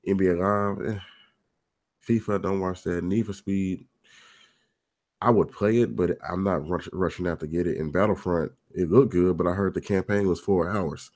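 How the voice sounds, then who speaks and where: A man with a very deep voice co-hosting a gaming podcast. He gives his opinions bluntly in casual chat. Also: steady tone, normal speed, darkish tone. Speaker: podcast co-host.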